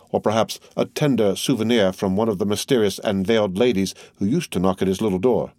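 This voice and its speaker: A man with a low voice narrates a classic novel in a measured, even way. The recording is close and dry, with no room sound. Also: dry recording. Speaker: audiobook narrator.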